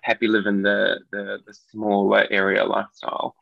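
NZ man, 30s, podcast guest, gravelly and chatty, lo-fi remote audio. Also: lowish voice, completely flat delivery, moderate pace, no room sound. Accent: New Zealand. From New Zealand. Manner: chatty and giggly, with many ums. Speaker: podcast guest, nail artist. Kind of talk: casual interview chat. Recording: dull, lo-fi dry remote audio.

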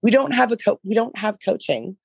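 Hoarse, profane woman podcaster. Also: a little high, a little fast, dry recording. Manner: rambling, profane, animated. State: losing her voice. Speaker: podcast co-host, dog trainer business coach. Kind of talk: casual podcast chat.

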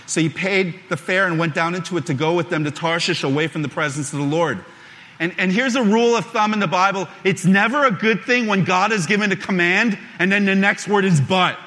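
High-voiced preacher in a reverberant hall. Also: male voice. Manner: measured, steady reading of scripture, then conversational preaching with restarts. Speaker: pastor. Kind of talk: scripture reading and sermon.

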